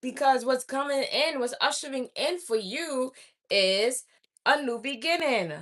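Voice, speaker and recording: An unhurried woman with a high, fairly bright voice speaks to her viewers face-on as an oracle reader. Her spiritual message is blunt and preachy, full of scolding and repetition.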